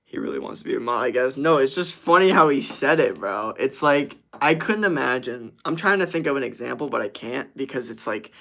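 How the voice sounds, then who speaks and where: A man's voice: medium pitch, lively intonation, brisk, creaky, few pauses, sharp tone. A young man streaming casually, reading viewer comments aloud in a laid-back way and laughing easily. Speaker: streamer answering chat. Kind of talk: casual livestream chat.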